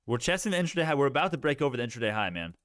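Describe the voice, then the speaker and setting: Young male streamer, loose and rambling to his chat, clear resonant tone, dead-dry sound. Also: medium pitch, sing-song, racing, a bit bright, no room sound. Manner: rambling, talks to chat, restarts often. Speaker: stock live-streamer. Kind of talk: casual livestream chat.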